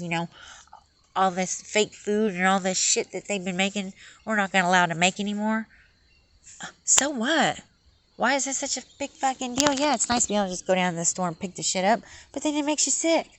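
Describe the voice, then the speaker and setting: A woman vents in a long, rambling monologue, swearing freely and getting heated as she goes. Her voice is bright and a little sharp. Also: mid-range voice. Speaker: vlogger. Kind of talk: rambling rant to camera.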